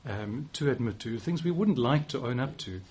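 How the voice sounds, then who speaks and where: South african guy in his 40s preaching, kinda husky voice, chatty and easygoing. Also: mid-range voice, animated, normal speed, darkish tone. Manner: conversational, self-deprecating, with frequent restarts. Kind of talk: sermon.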